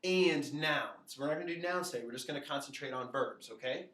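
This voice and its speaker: A man teaching a casual whiteboard lesson, talking informally with fillers and quick asides to his viewers. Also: fairly high pitch, a bit bright. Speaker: Latin teacher. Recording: echoey room, far from the mic.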